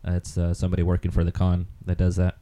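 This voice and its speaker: A man with a low, very dark voice chats casually on a podcast. He rambles through stories, filling gaps with ums and quick laughs. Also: monotone. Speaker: podcast co-host. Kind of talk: casual chat.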